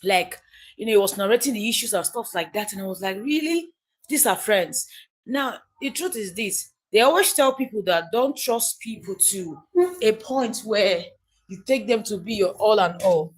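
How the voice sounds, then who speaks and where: A woman's voice: medium pitch, normal speed, husky. A Nigerian woman hosting a casual livestream, chatty and emphatic, often repeating her key phrases. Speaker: livestream host.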